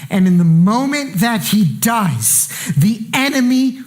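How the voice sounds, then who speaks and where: A pastor preaches an impassioned, colloquial sermon in a high voice with big pitch swings, speaking slowly. He swings between quiet lines and shouted ones, repeating phrases for emphasis.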